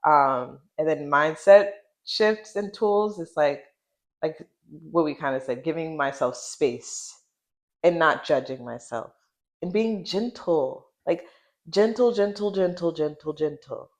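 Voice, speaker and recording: Low-voiced woman, reflective podcast host. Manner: reflective, easygoing, repeats words for emphasis. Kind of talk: casual chat.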